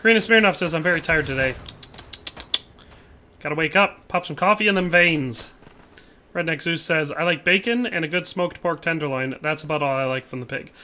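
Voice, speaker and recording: Young male streamer, casual gameplay chatter, bright tone, headset mic, faint noise behind. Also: a little high, fairly quick. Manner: chatty, laughs often, trails off mid-sentence. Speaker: livestreamer. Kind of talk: casual gameplay commentary reading chat.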